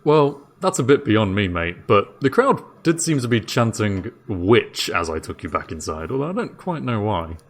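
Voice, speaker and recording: A man's voice: lowish voice, big pitch swings, moderate pace, few pauses, pitched above the performer's own voice. A man voicing a slightly drunk, easygoing male jailer who chats casually and keeps calling people "mate". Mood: puzzled. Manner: chatty, says "mate" a lot.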